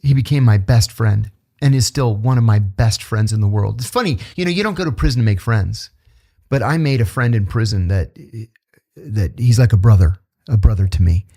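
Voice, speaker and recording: Speaking in a lowish, slightly rough voice at a moderate pace, a middle-aged former intelligence officer is interviewed on a casual podcast. He's an animated storyteller, voicing the people he quotes.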